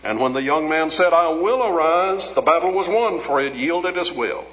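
A man preaching a sermon, retelling a story with dramatic rises for quoted lines and sinking low and soft when he prays. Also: lively intonation, normal speed. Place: large auditorium. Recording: dull lo-fi sound with long hall reverb.

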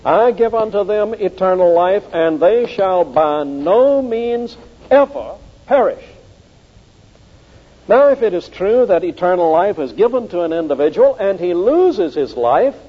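A man preaching in a fairly high voice, pressing each point with emphatic repetition. The recording is dull and lo-fi, with a long reverb trailing off the walls of a large hall. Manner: emphatic, repeats key phrases for stress. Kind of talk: sermon.

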